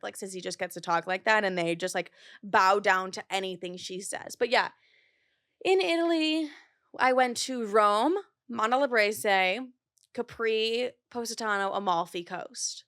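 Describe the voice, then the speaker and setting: Hosting a casual podcast chat, a woman in her twenties fills her speech with "like" and curses freely. Her voice sits on the high side with a fairly bright tone at normal speed, in clean studio sound without any room noise.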